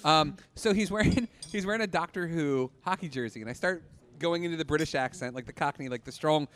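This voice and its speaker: A man hosting a podcast, telling an animated story in casual chat and laughing as he talks. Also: a little high, fairly quick, a little hiss or hum. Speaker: podcast host.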